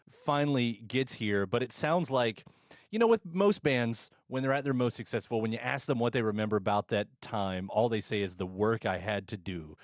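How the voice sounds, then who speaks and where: A man's voice: medium pitch, no room sound. Dry-voiced male interviewer. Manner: thoughtful, halting questions with many restarts. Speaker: podcast host, interviewer. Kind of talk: conversational interview.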